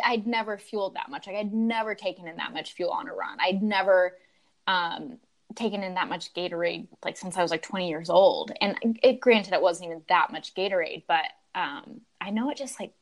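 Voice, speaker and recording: A woman from Utah, a podcast guest, telling a race story in a lively, grateful way with lots of "like" fillers. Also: fairly low pitch. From Utah, USA. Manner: animated, grateful, full of "like" and "um" fillers. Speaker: podcast guest, marathon runner. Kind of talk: conversational interview storytelling.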